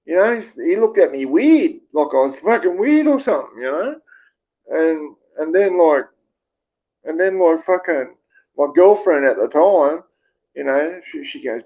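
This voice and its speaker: A man's voice: fairly high pitch, lively intonation, normal speed, warm tone, highs cut off. A man with an Australian accent hosting a casual livestream, rambling with lots of fillers and swearing freely as he reads viewer comments. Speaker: livestream host.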